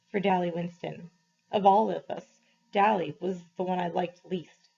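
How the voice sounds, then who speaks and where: A woman teacher reading a novel aloud to her class, in a measured, expressive storytelling voice. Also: mid-range voice, creaky. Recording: slightly muffled, dull recording.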